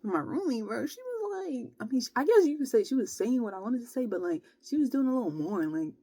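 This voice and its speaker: A woman's voice: a little high, fast. A young woman tells her story in a loose, slangy vlog style. She keeps dropping in "bro" and "like" as she goes. The room sound is dry and close, with no echo. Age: young adult. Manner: slangy, animated retelling with frequent "bro" and "like". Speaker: vlogger.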